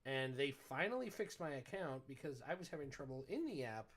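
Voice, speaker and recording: A man's voice: mid-range voice, brisk. A man co-hosting a podcast, telling a story in a casual, exasperated rant full of profanity. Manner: animated, exasperated ranting with profanity. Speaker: podcast co-host.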